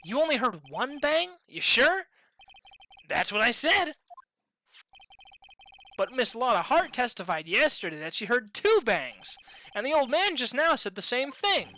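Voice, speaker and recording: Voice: medium pitch, sing-song, a little slow, pauses often, bright, forceful tone, voice pushed up. A streamer voicing a nervous, easily exasperated young male defense lawyer.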